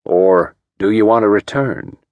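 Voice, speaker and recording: A man voicing a sly, curious old ferryman with a soft West Country accent and a rural drawl, in an audiobook. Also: on the low side, measured pace, dry recording, natural voice. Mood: folksy.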